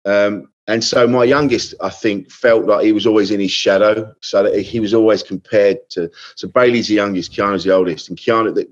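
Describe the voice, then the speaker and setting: A man's voice: fairly low pitch, steady tone, brisk, hardly any pauses, lo-fi sound. A man in his fifties, a comedian guest telling rambling anecdotes in casual podcast chat, often restarting and swearing.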